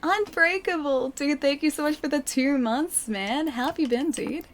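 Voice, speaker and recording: A woman streaming a video game, chatting casually and thanking viewers, her voice hoarse as it recovers. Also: high-pitched, moderate pace, a little hiss or hum. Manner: chatty, thanks viewers, reacts excitedly to the fight. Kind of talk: casual live-stream chat while playing.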